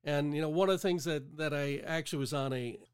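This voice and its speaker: A man's voice: fairly high pitch, quick pace, clear, resonant tone. A man hosting an interview and coaching talent, asking leading questions and encouraging his guest. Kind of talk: casual interview chat.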